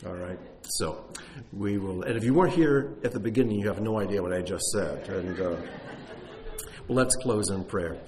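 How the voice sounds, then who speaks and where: A man teaching a congregation in an animated, conversational sermon, with self-deprecating asides. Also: deep voice, moderate pace. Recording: echoey room, faint noise.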